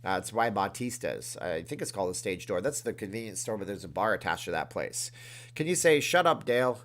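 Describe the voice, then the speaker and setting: A livestream host talks briskly in a lowish voice from his room, keeping things chatty as he reads viewer comments aloud and thanks people with obvious excitement.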